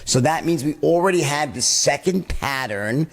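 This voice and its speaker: A man's voice: a little high, animated, normal speed. A man teaching a sales lesson, switching in and out of both sides of a sales call as he explains it. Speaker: sales trainer.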